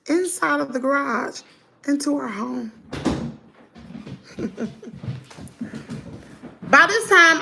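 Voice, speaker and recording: A middle-aged woman, telling her viewers a story in a lively storytime chat. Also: on the high side, gravelly. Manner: animated, talks to viewers as y'all. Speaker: vlogger.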